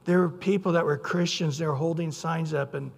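A male pastor delivers a sermon in a high-pitched, gravelly voice with a husky edge. He reads scripture, then slips into personal stories with earnest conviction. The sound rings out with long hall reverb. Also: fairly even intonation, a little fast. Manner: earnest preaching, bursts into loud acted quotes.

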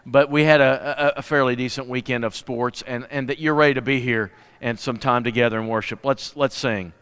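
Folksy preacher in a reverberant church. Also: male voice, mid-range voice, steady tone, fairly quick, a bit bright, clean tone. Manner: folksy, joking, many restarts. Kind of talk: casual sermon with announcements. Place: church sanctuary.

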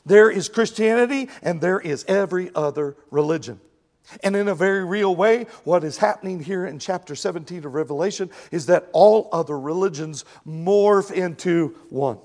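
A man preaching a sermon in a high, gravelly voice. He is animated, cracks jokes in asides and keeps mimicking the people he quotes. His pitch rides up and down as he presses his points. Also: normal speed, in a large hall. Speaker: pastor.

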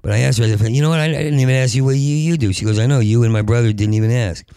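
A man hosting a podcast in a rambling monologue, with a heavy stutter that repeats syllables, and at times rising to a loud urgent plea. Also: medium pitch, rapid-fire, dry recording, clean studio sound. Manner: rises to loud urgent pleading. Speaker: podcast host.

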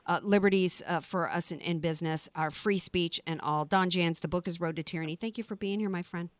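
A woman's voice: fairly low pitch, brisk, no room sound. A woman hosting a political talk radio show, talking in a fired-up, emphatic way with many restarts.

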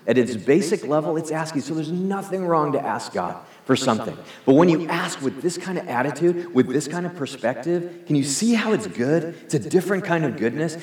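A man preaching a sermon to his congregation in a conversational, earnest way, leading them in prayer. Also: mid-range voice. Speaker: pastor. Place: church hall. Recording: echoey hall reverb.

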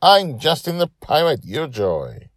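A man's voice: a little high, huge pitch swings, a little slow, no room sound, clean studio sound, voice pushed up, full character voice. A man voicing a bossy four-year-old girl who plays a pirate captain and speaks harshly and commandingly.

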